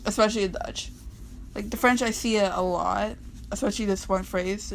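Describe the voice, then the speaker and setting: Animated woman reading comics aloud. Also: mid-range voice, moderate pace, creaky, slight background noise, low-quality recording. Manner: animated, with dramatic mock-outraged outbursts. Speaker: comic dub reader. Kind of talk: casual comic dub reading.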